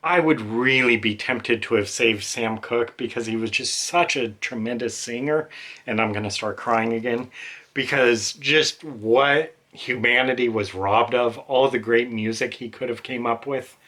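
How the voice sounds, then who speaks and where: A man's voice: mid-range voice, measured pace, bright, forceful tone. A man hosting a book channel, talking in a rambling, emotional way with many fillers. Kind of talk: casual monologue.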